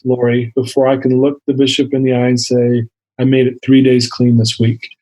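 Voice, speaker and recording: A middle-aged man, a guest on a podcast, tells his story earnestly and candidly while acting out the dialogue. His mid-range voice has a darkish tone, and the recording is rough.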